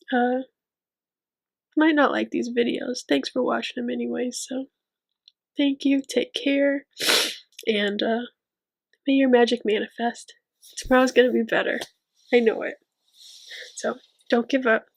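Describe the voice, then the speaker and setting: A woman hosting her own channel, speaking a tearful, rambling, heartfelt outro in a soft and encouraging way. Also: fairly high pitch, fairly even intonation, measured pace, gravelly, long pauses. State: tearful, weepy. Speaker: channel host reading a book aloud. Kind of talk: casual heartfelt vlog outro.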